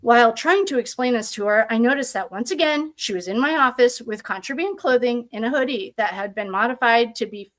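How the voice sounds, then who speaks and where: A woman's voice: a little high, fairly bright tone. A woman reading prison records aloud in casual commentary, breaking off often for sarcastic asides. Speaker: true crime commentator.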